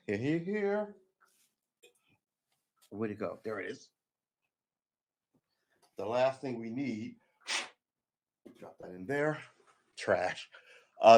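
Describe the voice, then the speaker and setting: A man chatting casually on a home live stream, rambling and joking as he snacks, often laughing. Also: fairly low pitch. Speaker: vlogger.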